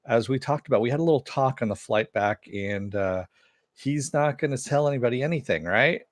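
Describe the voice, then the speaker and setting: A man voicing a boastful, all-powerful male superhero in a raised, loud, protesting voice while recapping a TV show. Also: medium pitch, a little fast, no room sound, studio quality, natural voice. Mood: insistent.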